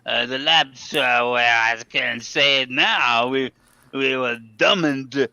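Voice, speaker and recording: A man voicing a French racing driver in a put-on French accent, reading haltingly with drawn-out words. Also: medium pitch, vocal fry, bright, forceful tone, full character voice. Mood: hammy.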